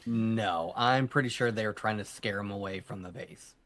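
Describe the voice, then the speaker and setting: A man's voice: fairly low pitch, moderate pace. A man co-hosting a live stream, joking his way through a casual recap of a TV episode. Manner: lively, jokey commentary. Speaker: co-host.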